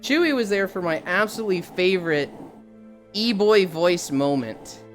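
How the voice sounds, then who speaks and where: A young woman streamer chats casually with her viewers, her fairly low voice swinging up and down as she tells stories with animated energy. She drops into mocking impressions along the way. Faint music plays behind her. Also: normal speed. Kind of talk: casual chat with chat readers.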